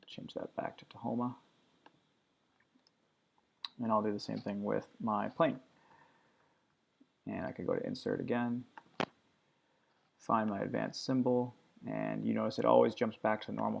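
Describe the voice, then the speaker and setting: A man with a very gravelly, fry-heavy, fairly low voice talks a class through a screen-recorded software tutorial. He walks through each step in a relaxed, plain way. The sound is dull and lo-fi. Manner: relaxed step-by-step walkthrough talk. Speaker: teacher.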